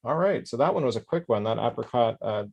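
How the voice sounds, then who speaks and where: A man's voice: medium pitch, expressive, fast, gravelly, lo-fi sound, noisy background. A man hosting a casual craft livestream, joking around and reading out viewer comments. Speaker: host. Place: Orlando.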